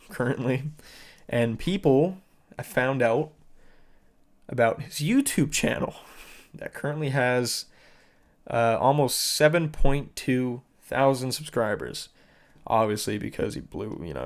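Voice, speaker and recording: Guy hosting his own podcast, cussing a ton, acting out a story he saw online. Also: mid-range voice. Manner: swears a lot, animated retelling. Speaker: podcast host. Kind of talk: casual solo commentary.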